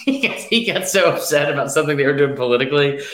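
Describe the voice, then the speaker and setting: A man's voice: on the high side, fast, fairly bright tone, reverberant, rough recording. A man co-hosting a casual sports podcast, rambling and swearing through a mock-emotional speech. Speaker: podcast co-host. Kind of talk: casual sports betting chat.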